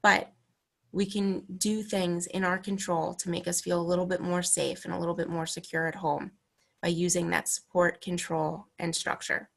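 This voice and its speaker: A woman's voice: lowish voice, little pitch movement, normal speed, gravelly. A woman presenting an online parenting talk over a video call, conversational and full of "you know" fillers. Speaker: webinar presenter.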